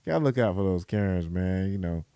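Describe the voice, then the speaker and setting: A man's voice: low-pitched, animated, brisk, mellow, smooth, no room sound, studio quality. A man hosting a podcast, giving casual commentary in a loose, slangy, repetitive way. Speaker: podcast host.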